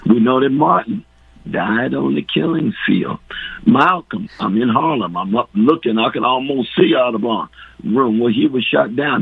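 A hoarse man speaking as a radio guest in an impassioned, preacherly way, slowing down to stress his points. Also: medium pitch, no room sound. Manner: preacherly, slows down for emphasis. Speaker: guest commentator. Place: indoors. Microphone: phone line. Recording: tinny phone line.

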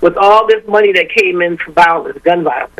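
A woman's voice: on the low side, fairly quick, a bit bright, no room sound, rough recording. An older woman speaking as a guest in a radio interview, talking emphatically and repeating her points. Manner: emphatic, repetitive, rallying. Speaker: guest, education advocate.

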